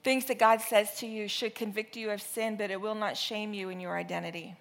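Bright-voiced woman preaching a sermon. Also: mid-range voice, fairly quick, gravelly. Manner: storytelling with animated, exaggerated re-enactments.

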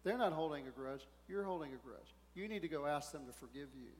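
Preacher man doing god talking, low-key and firm, kinda high voice, big hall echo. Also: animated, a little fast, natural voice. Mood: gently firm. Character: God speaking calmly to a believer. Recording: long hall reverb.

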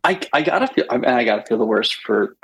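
A man with a gravelly, husky voice co-hosts a casual podcast chat. He rambles enthusiastically, restarting sentences and laughing as he talks. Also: mid-range voice, animated, fast talker, low-quality recording. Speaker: podcast co-host. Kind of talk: casual chat about a film.

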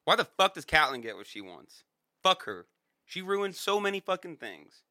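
A man chatting casually, swearing a lot and mocking in an animated way. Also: high-pitched, moderate pace, no echo, clean studio sound. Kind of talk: casual chat.

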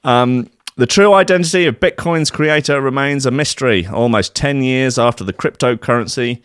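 A man's voice: mid-range voice, moderate pace, a bit bright, smooth, no echo, clean studio sound. A man casually reading strange news stories aloud, rambling with frequent fillers and sarcastic asides. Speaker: podcast host reading odd news stories.

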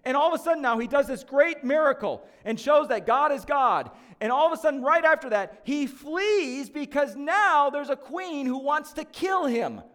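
Male lead pastor, very high pitch, conversational and emphatic preaching with joking asides. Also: expressive, moderate pace, hardly any pauses, fairly bright tone, big-room sound. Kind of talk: sermon.

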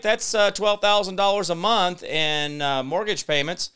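Middle-aged American male host, slightly high and crisp, sarcastic and rambling in solo commentary. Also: fairly even intonation, unhurried, sharp tone. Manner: sarcastic, rambling, mock-innocent asides.

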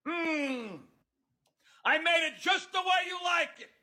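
Man doing a frantic coffee pusher, high and bright, shouty and repetitive. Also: slow, exaggerated voice. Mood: manic shouting.

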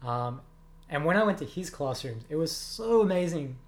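He's a young man and music teacher whose slightly high voice is expressive and moves at normal speed. His interview answers are earnest and reflective, peppered with ums and self-corrections.

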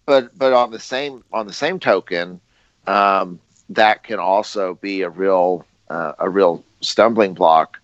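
A man co-hosting a casual podcast, speaking haltingly with many restarts. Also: deep voice, no echo. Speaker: podcast co-host. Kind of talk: casual chat. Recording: dry, dull lo-fi audio.

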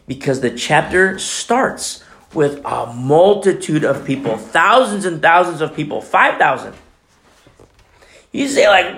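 Gravelly-voiced man preaching animatedly. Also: sits high, measured pace. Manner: animated preaching with acted-out dialogue. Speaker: pastor. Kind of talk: sermon.

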